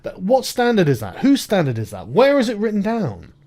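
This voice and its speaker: A man's voice: high voice, wildly swooping pitch, brisk, darkish tone. A man ranting in an exasperated, profane and rambling way, with many false starts. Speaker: online commentator. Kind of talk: ranting video commentary.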